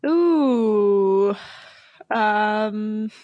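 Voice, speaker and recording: A woman co-hosting a podcast in casual chat, playful and quick to laugh. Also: medium pitch, lively intonation, no echo, phone-quality sound. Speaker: podcast co-host.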